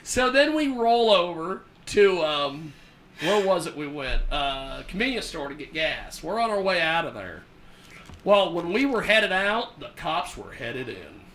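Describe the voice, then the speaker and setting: Man, radio host, high bright voice, very lively pitch, animated storytelling, faint noise behind. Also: measured pace. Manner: animated storyteller, acts out quotes, laughs often. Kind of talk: casual storytelling on talk radio.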